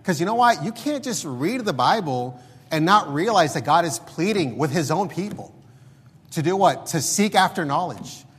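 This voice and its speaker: A man's voice: fairly high pitch, animated, moderate pace, fairly bright tone, slightly rough, in a large hall. A man preaching a sermon, reading scripture aloud in an emphatic, pleading way.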